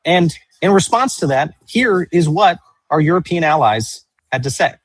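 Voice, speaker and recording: A man's voice: on the high side, lively intonation, normal speed. A man hosting a political commentary show, talking in a storytelling way with frequent stammered restarts. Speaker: show host.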